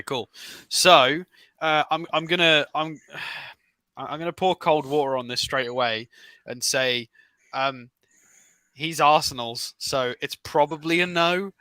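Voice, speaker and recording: A man's voice: mid-range voice, measured pace, sharp tone, smooth, dry recording. A man co-hosting a casual football show on a video call, talking through player stats and arguing his points. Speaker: podcast co-host.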